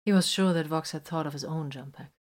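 Low-voiced woman reading a story. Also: a little fast. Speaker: reader.

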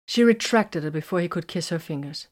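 A woman narrating a story in an even, measured reading. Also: lowish voice. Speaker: audiobook narrator. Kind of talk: scripted narration.

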